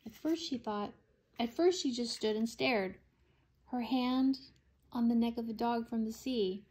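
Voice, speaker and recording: A woman, a mother, reading a children's chapter book aloud in an expressive, unhurried way. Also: fairly high pitch.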